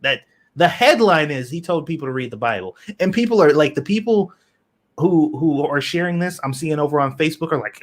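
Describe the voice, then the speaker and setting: A man's voice: fairly high pitch, animated, a little fast. A man co-hosting a live chat stream, speaking bluntly and swearing freely as he rants. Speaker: podcast co-host.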